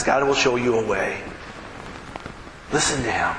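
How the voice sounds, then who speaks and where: A male preacher giving an emphatic, animated sermon, acting out scenes as he goes. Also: mid-range voice, unhurried, long pauses. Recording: echoey hall with background noise.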